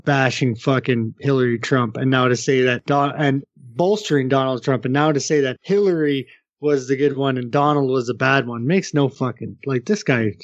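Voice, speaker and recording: A man's voice: mid-range voice, moderate pace, dry recording, highs cut off. A man co-hosting a podcast, trading profane, joking banter in casual chat. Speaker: podcast co-host.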